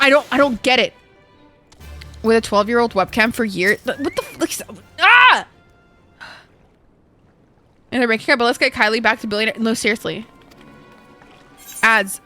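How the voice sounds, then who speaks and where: A young adult woman streamer chatting casually while gaming, ranting in an animated, profane way. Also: fairly high pitch, brisk, soft background music.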